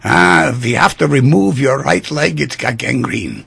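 A man voicing a stern German army doctor in a put-on German accent, clipped and matter-of-fact, with a gravelly, husky voice. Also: medium pitch, a little slow, fairly bright tone, exaggerated voice.

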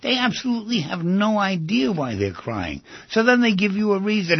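Man, radio talk show host, animated rising and falling pitch, dry close sound, rambling monologue. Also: moderate pace, vocal fry, breathy edge, dry recording, dull audio. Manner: rambling, conversational, repeats phrases.

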